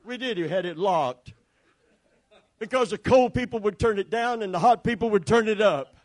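A man's voice: sits high, moderate pace. A man pastor preaching a sermon with emphatic repetition and calls for the congregation to respond.

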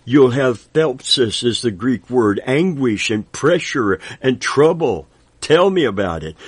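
A man's voice: mid-range voice, dry recording. A man in his seventies preaching a sermon with an emphatic, repetitive cadence, quoting scripture and praising God. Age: 70s.

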